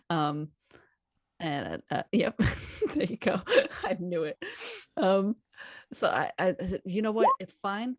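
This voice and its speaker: A woman's voice: medium pitch, lively intonation, slow pace, pauses often, no echo. A woman playing a tabletop role-playing game, speaking hesitantly with many restarts. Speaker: player.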